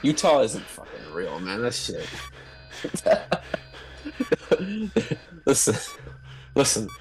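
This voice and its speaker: A man's voice: mid-range voice, huge pitch swings, drawn-out words, soft background music, low-quality recording. A man streaming a game with a friend, joking and laughing often as he chats. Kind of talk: casual gaming stream chat.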